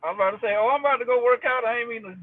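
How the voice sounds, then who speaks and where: A man's voice: very high voice, very fast, dry recording. A man guest on a live chat, laid-back and chuckling, giving short replies. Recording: tinny phone-like call audio.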